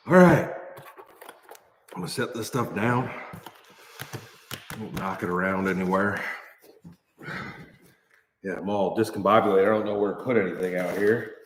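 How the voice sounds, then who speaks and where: A man's voice: lowish voice, a bit bright, slight background noise. A Midwestern American man hosting a casual livestream, sighing and coughing through spicy jerky while thanking viewers. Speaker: livestream host. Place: large new shop building. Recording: echoey reverberant shop room.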